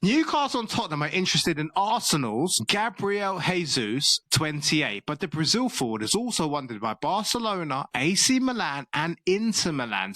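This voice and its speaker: A young man hosts a relaxed football chat, running through transfer rumours and tripping over his own restarts. His voice is bright and forward, recorded dry and close with no room sound. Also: fairly high pitch, dry recording. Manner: restarts sentences often, reads transfer news, calls co-host "bro". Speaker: football podcast host.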